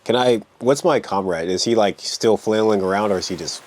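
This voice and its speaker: A man playing a tabletop game, talking casually and thinking out loud with hesitations. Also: fairly low pitch, fairly quick. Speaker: player.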